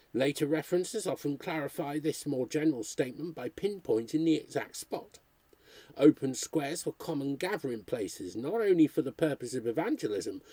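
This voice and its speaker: A man with a husky voice reading a history book aloud, steadily working through dates and places. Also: fairly high pitch, dark tone, no echo. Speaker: reader.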